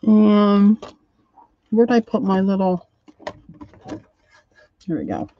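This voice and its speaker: A woman hosts a crafting livestream at a slow, easygoing pace, thinking aloud and drifting off mid-sentence as she works. Her voice comes through a slightly muffled, lo-fi recording. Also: mid-range voice. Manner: rambling, thinks aloud while working, trails off. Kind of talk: casual crafting tutorial.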